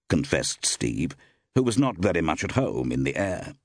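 A man narrating an audiobook in an expressive, measured storytelling manner. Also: extremely low pitch, no room sound, studio quality.

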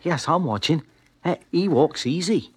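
An actor playing a poor drifter, chatty and cheeky, narrating in an old-time radio drama. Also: male voice, fairly high pitch, lively intonation, measured pace, slightly rough. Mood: wry. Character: poor male drifter, down on his luck.

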